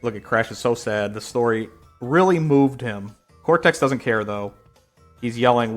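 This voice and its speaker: A man's voice: medium pitch, expressive, a little slow, faint music behind. A man casually retelling a fan comic chapter by chapter, rambling with fillers and self-corrections. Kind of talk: casual storytelling.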